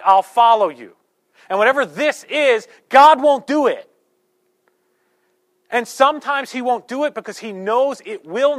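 A man delivers a sermon in a church with a voice pitched noticeably high for a man. He keeps it conversational, tossing in jokes and asides, then suddenly bursts out loud to drive a point home. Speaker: pastor. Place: church sanctuary.

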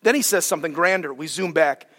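A male pastor preaching a sermon in a church hall, animated and colloquial as he explains Scripture. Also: a little high, quick pace. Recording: hall with long reverb.

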